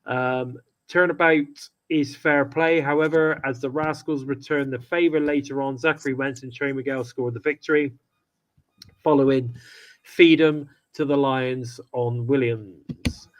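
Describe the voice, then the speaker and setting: A man's voice: mid-range voice, fairly even intonation, a little slow, low-quality recording. A man co-hosting a wrestling review podcast, chatting casually and rambling with many restarts. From United Kingdom. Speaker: podcast co-host.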